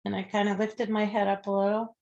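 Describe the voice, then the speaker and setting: A woman's voice: mid-range voice, level tone, brisk, gravelly, a little mellow, lo-fi sound. A woman guest telling a personal story in a conversation, speaking candidly, swearing freely and acting out the people she quotes. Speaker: interview guest.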